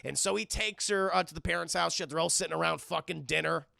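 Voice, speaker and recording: Gravelly, bright-voiced man recapping a film. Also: on the high side, quick pace, no echo, studio quality. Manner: profane, rambling, keeps addressing chat. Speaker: film reviewer streaming to chat. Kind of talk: casual spoiler recap to live chat.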